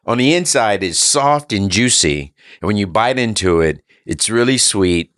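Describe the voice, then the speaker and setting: A man's voice: lowish voice, lively intonation, normal speed, fairly bright tone, no room sound. A man guesting on a comedy podcast, rambling and laughing as he fumbles for words, on a studio mic. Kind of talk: casual comedic chat.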